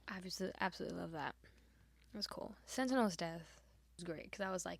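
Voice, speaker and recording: A woman talks casually over her speedpaint, rambling from thought to thought with plenty of fillers. She sits in the lower part of her range and often slips into a soft half-whisper. The sound is dry and close, with no room around it. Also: a little fast, creaky, husky, dry recording. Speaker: art channel host.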